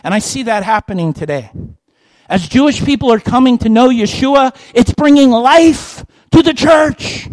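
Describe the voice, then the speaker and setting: A man with a notably high voice delivers a sermon. He moves between hushed, explanatory stretches and lifted, emphatic declarations, now and then slipping into the voices of imagined listeners. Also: moderate pace, no echo, low-quality recording. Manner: animated, rises and drops in pitch and volume, acts out listeners. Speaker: preacher.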